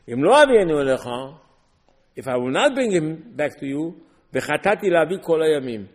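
Animated man teaching Torah, echoing hall. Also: a little high, moderate pace. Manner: animated, rhetorical questions, quotes verses in Hebrew. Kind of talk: Torah class in English.

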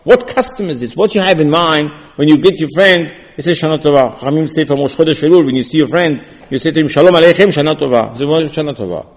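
A man's voice: a little high, fast, few pauses. Man teaching Torah in a reverberant hall. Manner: repetitive, conversational, restarts words, acts out dialogue. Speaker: rabbi teaching a Torah class. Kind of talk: informal religious lecture.

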